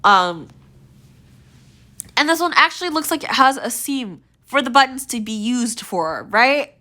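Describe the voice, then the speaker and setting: A young woman who makes gaming videos rates outfits in casual commentary, rambling with plenty of fillers. Her voice sits on the high side, animated and unhurried with a sharp tone, though it's tiring and slightly strained.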